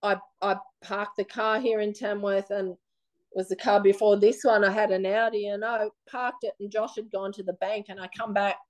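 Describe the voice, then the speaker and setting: A woman with an Australian accent, telling her own story in a blunt, animated, plain-spoken way during an interview. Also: medium pitch, moderate pace. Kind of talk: casual personal storytelling.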